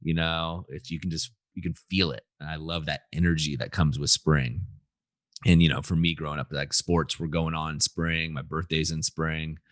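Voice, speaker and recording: Deep-voiced upbeat man hosting. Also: little pitch movement, moderate pace, fairly bright tone, no echo, clean studio sound. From California. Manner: upbeat, easygoing, frequent fillers. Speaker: podcast host. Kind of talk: casual podcast chat.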